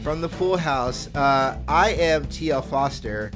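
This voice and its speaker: A man's voice: on the high side, animated, takes it slowly, music in the background. A man hosting a casual podcast chat, laughing often as he talks. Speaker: podcast host.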